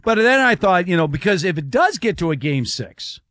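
Animated middle-aged sports talk man. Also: sits high, no room sound. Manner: emphatic, rapid-fire, repeats points. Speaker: sports talk show co-host.

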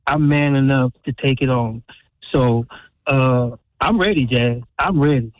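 A man calling in to a radio show, speaking warmly and affirmingly, often halting and restarting. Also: medium pitch, dry recording. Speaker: caller. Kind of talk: call-in talk radio. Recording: tinny phone line.

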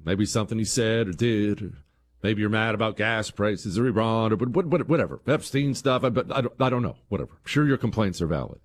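A man hosting a talk radio show, delivering an emphatic monologue that climbs to heated peaks and drops low and quiet. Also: expressive, fairly quick.

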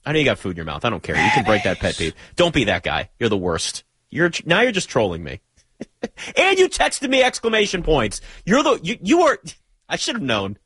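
A man hosting a live sports talk show, talking in an animated, joking way with rambling asides. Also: mid-range voice, fairly quick, slightly rough, no echo, clean studio sound. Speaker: radio sports talk host.

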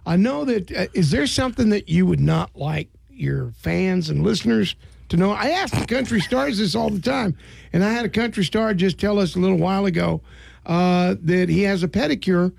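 A man hosting a radio interview in a studio, talking quickly and teasing his guests in a joking way. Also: high voice, gravelly, a little mellow, breathy edge, dry recording. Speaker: radio host.

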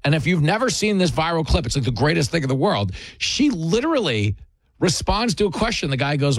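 Sarcastic man, gravelly and lively. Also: a little high, a little fast, no room sound. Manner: sarcastic, mocking, puts on whiny voices. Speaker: comedy show host. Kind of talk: comedic monologue.

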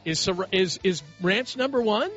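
A man hosting a radio sports show, chatting casually in an animated, jokey way. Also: high-pitched, faint music behind. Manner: animated, jokey, quick asides. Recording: slightly muffled radio broadcast.

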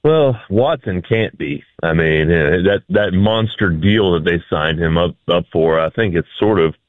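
A man's voice: sits low, expressive, measured pace, dry recording. A man giving easygoing sports analysis with dry humor and many fillers. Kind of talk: casual sports talk. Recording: dry, tinny phone line.

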